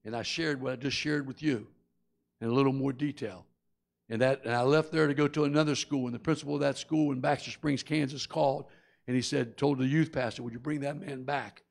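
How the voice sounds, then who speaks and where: A man's voice: on the high side, gravelly. A middle-aged man preaching a sermon, telling a folksy story and acting out its characters before turning earnest and confessional. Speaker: guest preacher.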